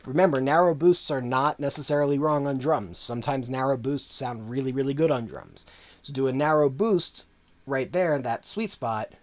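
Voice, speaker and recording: A man teaching audio mixing in a relaxed, conversational way, full of casual fillers. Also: medium pitch, normal speed. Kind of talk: casual tutorial walkthrough.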